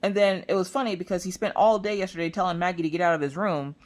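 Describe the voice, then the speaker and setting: A woman crafting vlogger chatting casually, telling family stories with lots of restarts and acted-out voices. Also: fast. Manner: animated, acts out family members in shrill high voices; chatty, with many restarts and "look, listen". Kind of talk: casual storytelling chat.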